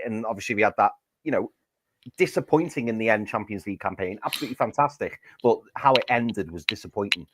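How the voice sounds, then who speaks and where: A man's voice: lowish voice, fast, noisy background. A man hosting a football fan podcast, chatting with frequent restarts. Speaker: podcast host.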